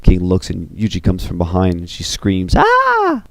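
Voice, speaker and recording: Man pitching a story, very low voice, gravelly, dark tone, dry sound, rambling delivery. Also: monotone, normal speed, dry recording. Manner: loose and rambling, full of 'you know' and 'kinda'. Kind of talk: casual spoken story pitch.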